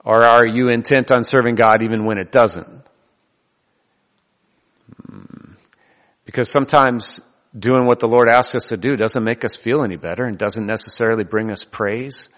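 A man's voice: mid-range voice, moderate pace, pauses often, a bit bright, big-room sound. A man preaching a sermon in a loose, conversational way, joking and laughing between his points. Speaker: pastor.

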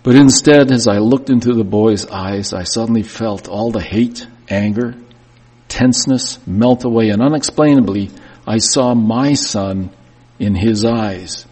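Husky-voiced preacher in a reverberant hall. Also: male voice, on the low side, unhurried, a little mellow. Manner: emotional first-person storytelling, rising and falling in intensity. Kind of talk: sermon. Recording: long reverb of a church hall.

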